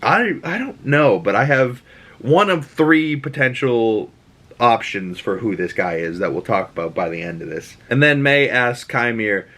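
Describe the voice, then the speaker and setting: A man's voice: mid-range voice, animated, normal speed, fairly bright tone. A young man with a Boston accent hosting his own show, casually recapping a TV episode and ranting profanely, acting out the characters' lines in shifting voices. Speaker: show host.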